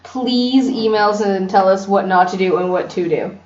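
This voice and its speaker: A young woman co-hosting a casual podcast, teasing and giggly with quick quips. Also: mid-range voice, darkish tone, a little hiss or hum. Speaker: co-host. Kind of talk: casual chat. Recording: echoey room, distant lo-fi mic.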